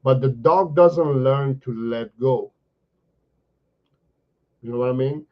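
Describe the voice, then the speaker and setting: Fielding viewer questions live, a man who trains dogs talks in a chatty way, frequently repeating himself and saying "you know" and "right?". He speaks slowly in a mid-range voice, and the recording sounds muffled.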